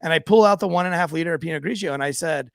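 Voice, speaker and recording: Gravelly, profane ex-cop podcast host. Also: male voice, a little high, very fast, no room sound, studio quality. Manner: profane, animated anecdote-telling. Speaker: podcast co-host, former police officer. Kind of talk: casual podcast chat and storytelling.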